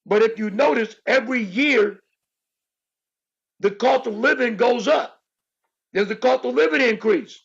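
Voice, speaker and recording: A man with a high, gravelly, husky voice holds forth in a casual talk-show chat. He makes his points with emphasis and circles back to repeat them. The sound is dull and lo-fi. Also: measured pace, long pauses. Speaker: co-host. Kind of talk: casual podcast discussion.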